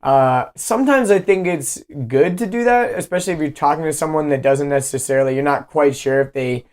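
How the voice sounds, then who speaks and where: A man's voice: on the high side, a little fast, a little mellow. A man from the southern United States chatting casually as a podcast co-host, rambling and using lots of fillers. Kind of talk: casual chat.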